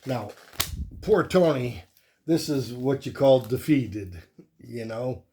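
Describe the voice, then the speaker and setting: A man hosting a comic book show, chatting casually in a relaxed, rambling way with many fillers. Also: medium pitch, slow, a little hiss or hum. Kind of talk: casual show-and-tell chat.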